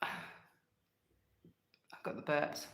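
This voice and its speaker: A woman's voice: drawn-out words, fairly bright tone, echoey room. A woman hosting a livestream, chatting casually and answering live comments in a rambling way and laughing often. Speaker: livestream host.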